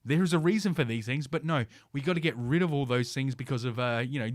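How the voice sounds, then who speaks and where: A man's voice: mid-range voice, brisk, dry recording. Scornful guy ranting on his podcast, sweary and sarcastic, dry close mic. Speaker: podcast host. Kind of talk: ranting podcast commentary reading an article.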